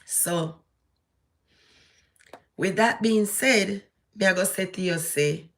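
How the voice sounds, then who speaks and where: Slow and a bit bright, this woman's voice sits at a medium pitch. She's a Jamaican-accented vlogger giving emphatic, preachy, casual commentary straight to the person in front of her.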